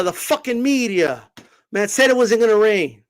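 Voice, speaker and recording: A man talking boxing in a casual vlog, animated and swearing, rambling with lots of fillers. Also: high-pitched, moderate pace. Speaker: boxing commentator.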